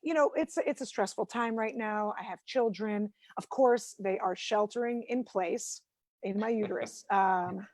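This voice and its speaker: A woman's voice: mid-range voice, measured pace, darkish tone, no room sound. A woman comedian doing a chatty, self-deprecating stand-up set from home over a video call.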